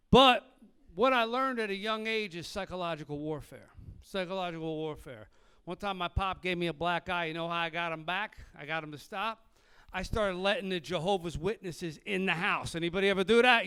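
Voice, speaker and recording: Brash high-voiced stand-up comic man. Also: a little fast, sharp tone, clean tone. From Philadelphia. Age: middle-aged. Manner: brash, profane, acts out dialogue in other voices. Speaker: stand-up comedian. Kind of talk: stand-up comedy set.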